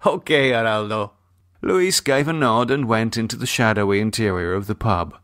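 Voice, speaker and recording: Wry male audiobook narrator, lively pitch. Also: dry recording, studio quality. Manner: wry, measured storytelling. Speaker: author and narrator.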